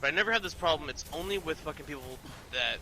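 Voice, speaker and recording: A man's voice: fairly high pitch, expressive, very fast, low-quality recording. A man telling a work story in a casual, profane, rambling way with many fillers.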